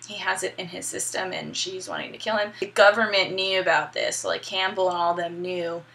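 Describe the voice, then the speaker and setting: A woman's voice: fairly low pitch, expressive, a little fast, vocal fry, a bit bright. A young woman casually recapping a video game story, chatty and upbeat with some swearing. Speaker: gaming video host.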